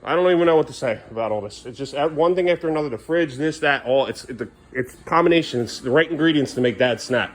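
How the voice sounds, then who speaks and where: A man's voice: mid-range voice, quick pace, few pauses. A father at home scolding his sons and venting his frustration, recorded on a handheld phone with faint household noise behind him. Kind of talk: casual home vlog. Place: family home indoors.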